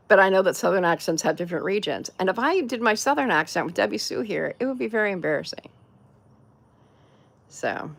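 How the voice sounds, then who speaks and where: A woman's voice: mid-range voice, creaky, fairly bright tone. A middle-aged woman from California hosting a casual livestream, chatting, laughing often and greeting viewers by name. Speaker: host.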